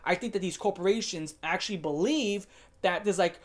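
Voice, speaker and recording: A woman's voice: fairly low pitch, fairly quick. A woman hosting her own channel, delivering an emphatic, sarcastic opinion rant and mocking the people she talks about. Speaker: channel host.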